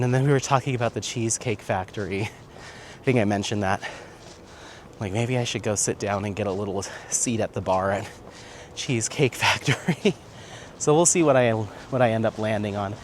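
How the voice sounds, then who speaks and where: A man's voice: fairly low pitch, a little fast. A man talks in an easy, chatty way while out walking, laughing often and reading viewers' comments aloud. Faint street and traffic noise sits under his voice. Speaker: vlog host. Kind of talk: casual chat while walking. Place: outdoors on town streets. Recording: street noise, outdoor recording. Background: faint street and traffic sounds.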